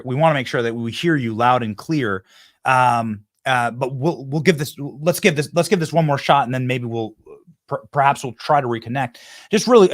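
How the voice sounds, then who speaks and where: A man hosting a live political show, joking with his crew and interviewing a guest in a lively, teasing way. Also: mid-range voice, no room sound, studio quality. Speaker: host.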